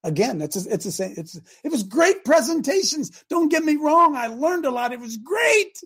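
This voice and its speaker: Male talk-radio host, fiery and repetitive, high voice. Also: big pitch swings, normal speed. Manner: impassioned, repetitive, shouting at times. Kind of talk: fiery call-in talk show rant. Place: studio in Ohio.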